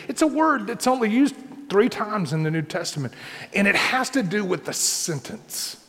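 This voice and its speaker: A man's voice: high-pitched, animated, normal speed, fairly bright tone. A man preaching a sermon in a conversational way, repeating his points and checking in with the congregation. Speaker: pastor. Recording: long hall reverb.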